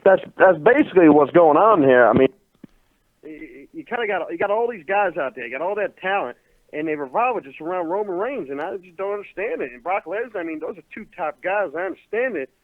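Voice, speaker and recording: A man calling in to a live show to complain at length, talking quickly and swearing freely. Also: high-pitched. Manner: fast animated complaining, turns abusive. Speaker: caller. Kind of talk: call-in rant. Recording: tinny phone line.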